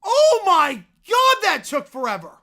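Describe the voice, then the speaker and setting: High, lively man yelling at a game. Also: unhurried. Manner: excitable, yells at the screen, then chats with viewers. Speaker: streamer doing live play-by-play. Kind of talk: live play-by-play and reaction stream.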